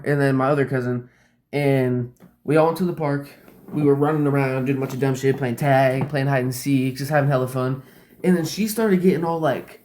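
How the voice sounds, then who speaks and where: Man spinning a loose, profane anecdote; mid-pitched, casual, recorded in a roomy space. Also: a little mellow. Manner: rambling, fills speech with "like" and swearing. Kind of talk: casual storytelling. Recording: roomy echo.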